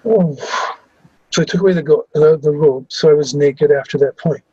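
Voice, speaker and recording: A man giving testimony about his memories, speaking haltingly with many fillers and restarts. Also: a little high, mellow, breathy edge, no echo, dull audio. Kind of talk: recounting personal memories in testimony.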